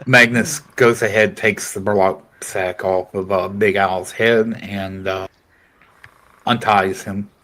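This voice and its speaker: A man with a lower voice describes what his character does, calm and unhurried, pausing on fillers between actions. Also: rough recording. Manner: calm, halting. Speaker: player.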